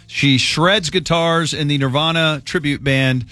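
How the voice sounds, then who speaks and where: A man's voice: a little high, a little slow, bright, forceful tone, dry recording. A middle-aged man from Texas hosting a morning radio show, joking around and plugging upcoming segments. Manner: jokey, self-mocking, hypes segments. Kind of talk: casual radio banter. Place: radio studio.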